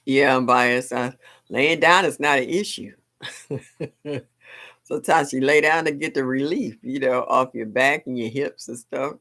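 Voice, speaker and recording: A woman's voice: rumbling low, measured pace, a bit bright. An older woman hosting a live stream, chatting casually and exclaiming often, with frequent laughs. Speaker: livestream host.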